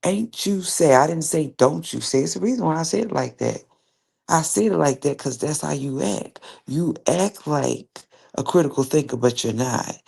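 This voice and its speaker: Woman, confrontational, rambling, mellow dark tone, gravelly, livestream rant. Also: deep voice. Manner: confrontational, speaking straight to an absent opponent; rambling, repeats herself. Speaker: livestream host. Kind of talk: direct-address livestream rant.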